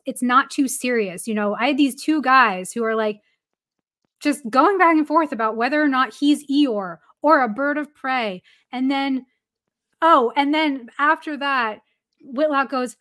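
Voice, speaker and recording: A woman's voice: high voice, a bit bright. A woman who is a baseball reporter, guesting on a podcast and telling a story casually with plenty of "like" fillers and some laughter.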